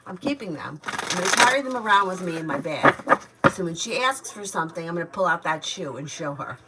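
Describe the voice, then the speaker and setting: A woman's voice: on the low side, lively intonation, a little fast, heavy background noise. A woman hosting a tarot reading livestream, talking in a blunt, exasperated, casual way with some swearing. She is a mother. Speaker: tarot reader and livestream host.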